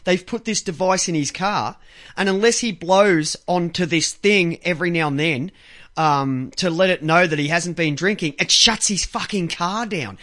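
A man co-hosting a radio chat, telling stories in an excitable, profane way. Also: high voice, normal speed. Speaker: co-host. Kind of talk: crude casual radio chat.

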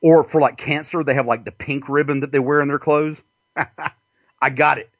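A man's voice: on the high side, steady tone, moderate pace, gravelly, fairly bright tone, no echo. A man with a Southern US accent hosting a radio show, rambling through a profane comic monologue and laughing often. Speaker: radio host. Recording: dull lo-fi dry sound.

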